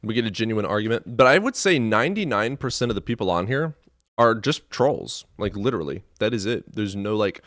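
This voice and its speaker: A man's voice: fairly low pitch, lively intonation, a little fast, fairly bright tone, dry recording, clean studio sound. A man hosting a debate live stream, talking in a casual, sarcastic and profane way.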